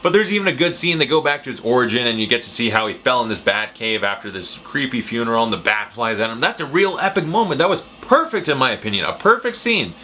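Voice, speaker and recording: Guy ranting through a movie review, swears a lot, bright voice that jumps around. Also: medium pitch, fast, hardly any pauses, slight background noise. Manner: profane, animated, ranting. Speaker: film reviewer. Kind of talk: casual movie review rant.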